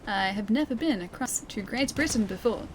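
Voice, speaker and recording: Animated and moderately paced, this young Australian woman streams a game while chatting casually, laughing frequently and reading out chat messages. Her voice is mid-range, and the recording carries a little hiss or hum.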